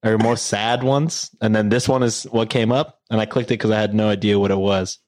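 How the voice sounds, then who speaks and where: A man's voice: fairly low pitch, steady tone, fairly quick, darkish tone. A man casually retelling a story to friends, rambling and profane, full of fillers and jokes.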